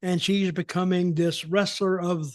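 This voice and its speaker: High-pitched american guy telling stories, dry close sound, kinda rambly. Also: flat delivery, a little slow, no echo. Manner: folksy, rambling, repeats words. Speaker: podcast co-host. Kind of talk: casual storytelling chat.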